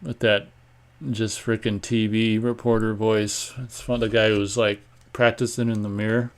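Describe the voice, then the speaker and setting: A man hosting a live online show, chatting casually and reading viewer comments aloud in a rambling, offhand way, often clearing his throat. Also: lowish voice, flat delivery, normal speed. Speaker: host of a live online radio stream.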